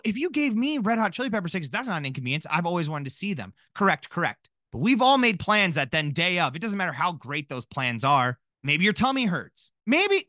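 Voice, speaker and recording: A man in his thirties, a podcast co-host chatting casually in an animated, joking, self-deprecating way. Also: sits high, no echo, clean studio sound. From Minnesota. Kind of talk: casual chat.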